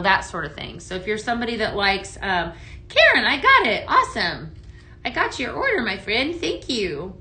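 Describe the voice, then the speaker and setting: A woman's voice: mid-range voice, bright, forceful tone, a little hiss or hum. A woman hosting a live shopping stream, chatting and gushing over products while she reads out viewer comments, with plenty of fillers. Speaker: live shopping show host. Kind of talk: live product demo chat.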